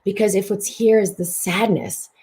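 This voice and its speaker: A woman's voice: mid-range voice, steady tone, moderate pace, warm tone. A woman hosting a mind-body self-help broadcast. She talks expressively, repeats words for emphasis and slips into voicing inner thoughts. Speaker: host and physician.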